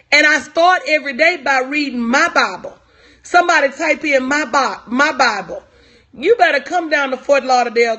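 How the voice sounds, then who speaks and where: A woman's voice: high-pitched, a bit bright. A woman life coach giving a motivational talk on a live stream, repeating lines for emphasis and calling out viewers by name. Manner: talks to viewers in chat by name.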